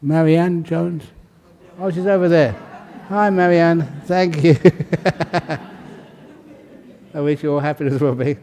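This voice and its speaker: A Buddhist monk leading a ceremony, calling out names in a casual, joking way and laughing between them. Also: male voice, a little high, steady tone, takes it slowly, pauses often, warm tone. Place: large hall.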